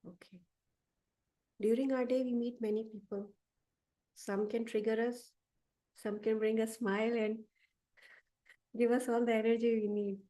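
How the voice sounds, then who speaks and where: A woman teacher leading a guided affirmation session, speaking slowly and deliberately so listeners can repeat after her. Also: fairly high pitch, little pitch movement, warm tone, far from the mic. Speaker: meditation teacher. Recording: voice set back from the mic.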